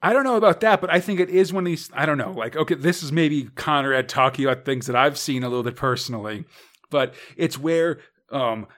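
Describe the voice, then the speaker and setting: A man's voice: a little high, fairly quick, a bit bright. A man co-hosting a casual podcast, recapping a comic story in a rambling way with lots of fillers and laughs. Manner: rambling, many "like" fillers and restarts, laughs often. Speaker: podcast co-host.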